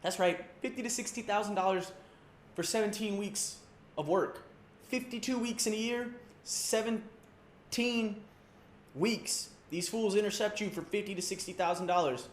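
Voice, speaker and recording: A man's voice: high voice, moderate pace, a little hiss or hum. A man hosting a comedic sports rant, loose and slangy, mocking and rambling. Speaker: comedy sports show host. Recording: roomy echo.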